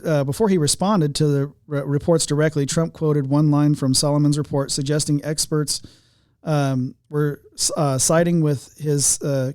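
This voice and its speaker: Halting American podcast host, dry sound. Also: male voice, a little high, darkish tone, no room sound. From United States. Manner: halting, many fillers and restarts. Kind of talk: casual political talk, reading articles.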